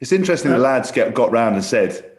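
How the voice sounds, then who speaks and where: A man's voice: medium pitch, very animated, fast, darkish tone. A man co-hosting a casual podcast, rambling and laughing between phrases. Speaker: podcast co-host. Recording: echoey room sound.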